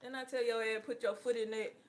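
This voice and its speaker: Loud, fed-up God, high and bright, as a woman puts him on, cussing out a slow believer. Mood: exasperated. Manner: loud, profane, mock-impatient. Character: exasperated God scolding an impatient believer.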